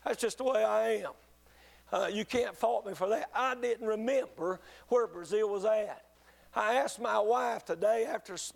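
A man preaching a sermon, telling a testimony in an earnest, halting way with many restarts. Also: high-pitched, gravelly, a little mellow. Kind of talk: sermon storytelling.

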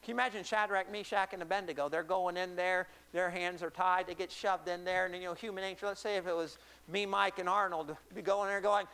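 A man preaching with a high, bright voice and a gravelly edge. He is animated and acts out Bible scenes, swinging from loud, excited stretches to hushed, quiet ones. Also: fairly quick, hardly any pauses, slight background noise. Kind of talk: sermon.

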